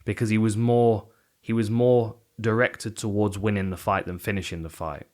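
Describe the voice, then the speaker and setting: A man's voice: lowish voice, little pitch movement, normal speed, darkish tone. A middle-aged man co-hosting a podcast, casually breaking down fights and often restarting his sentences. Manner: thoughtful, self-correcting, trailing off mid-sentence. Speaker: podcast co-host, fight analyst. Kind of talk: casual chat.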